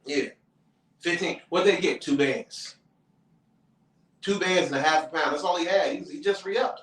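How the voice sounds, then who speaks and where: Animated storytelling man, distant roomy mic. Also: high voice, moderate pace. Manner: animated storyteller who acts out quoted voices, profane. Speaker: comedian and show host. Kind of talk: casual podcast conversation.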